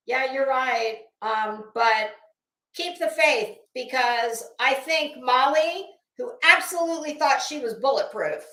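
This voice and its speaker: A woman's voice: high voice, a bit bright, echoey room. A woman hosting a casual live commentary stream, chatting with viewers in a gossipy, sarcastic way and laughing often. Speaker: YouTube commentary host.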